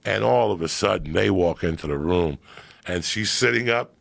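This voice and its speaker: A man with a deep gravelly rasp tells a story full of swearing, slipping into the voices of movie characters. His voice sits low with a husky edge. The sound is dry and close. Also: moderate pace, no room sound. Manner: animated, swearing, acts out movie quotes. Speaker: podcast guest. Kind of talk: profane storytelling.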